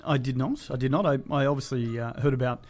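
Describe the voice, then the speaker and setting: A man, a guest co-host on a radio show, answering in a halting, hesitant way in a studio. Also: medium pitch, a little mellow, faint music behind. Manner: hesitant, halting with repeated starts. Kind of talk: casual radio chat.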